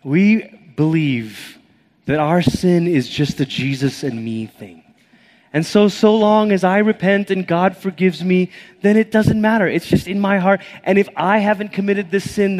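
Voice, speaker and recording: A man's voice: sits high, normal speed. A man preaching a sermon as pastor, telling stories and acting out voices, a little out of breath. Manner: animated storytelling with acted-out inner voices. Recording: long reverb of a hall.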